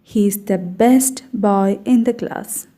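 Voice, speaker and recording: A woman's voice: medium pitch, slow, dark tone. A woman teaching an English grammar lesson, patiently repeating example words and checking in with "okay" as she explains.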